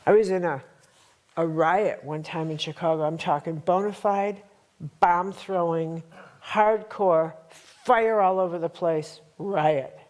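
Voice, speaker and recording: A woman's voice: on the low side, takes it slowly, darkish tone. A middle-aged woman telling a dramatic story to a workshop audience, emphatic and full of repetitions. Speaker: workshop teacher.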